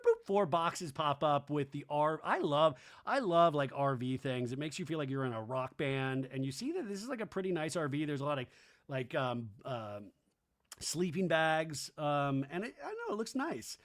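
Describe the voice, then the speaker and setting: A man's voice: on the high side, animated, normal speed. A man hosting a podcast, recapping a reality show in a rambling, incredulous way with lots of asides. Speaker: podcast host.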